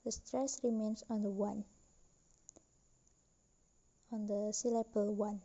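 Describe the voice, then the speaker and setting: A young woman student slowly reading a class presentation with careful, deliberate delivery. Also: mid-range voice, little pitch movement, mellow, dull audio. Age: young adult.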